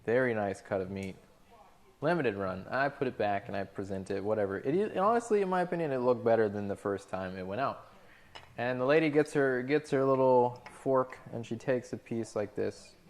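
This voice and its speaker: This is a man in the middle of a profane rant to his viewers while he cooks. His voice sits at an ordinary middle pitch. He tells his restaurant stories with plenty of exasperation. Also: expressive, normal speed. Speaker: restaurant cook streaming to chat. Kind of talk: casual livestream rant while cooking.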